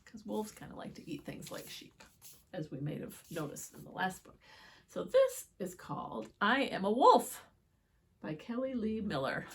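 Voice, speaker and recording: A woman's voice: medium pitch, very animated, normal speed, slight background noise. A woman reading picture books aloud to children, with chatty asides and questions for the young viewers. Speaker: children's story time reader.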